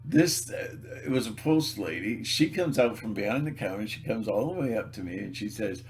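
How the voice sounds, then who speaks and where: A man's voice: lowish voice, expressive, moderate pace, hardly any pauses, a little hiss or hum. A man video blogging in a rambling, theatrical, joking monologue.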